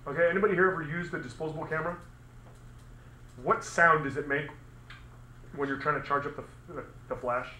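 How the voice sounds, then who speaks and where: A man's voice: fairly high pitch, fairly quick, long pauses, pushed and bright, slight background noise. Chatty male teacher in an echoey classroom. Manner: casual, chatty, makes sound effects and asks the class questions. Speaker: physics teacher. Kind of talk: classroom lecture.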